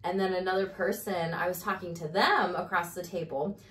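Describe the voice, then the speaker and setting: A woman in her thirties telling a story in casual chat, animated, swearing freely and laughing as she goes. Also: on the low side, fairly quick. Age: 30s. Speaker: podcast host. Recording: roomy, distant mic.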